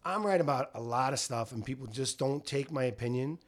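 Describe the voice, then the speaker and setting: A man's voice: mid-range voice, fairly quick. A middle-aged man co-hosting a casual podcast chat, rambling and defensive, laughing often. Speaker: podcast co-host, father of a host.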